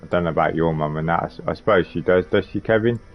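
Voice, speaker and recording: Deep-voiced rambling man streaming. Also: fast, soft background music. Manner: rambling, chatty, talks to viewers by name. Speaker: game streamer. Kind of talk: casual live gameplay commentary. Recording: slightly muffled lo-fi stream audio.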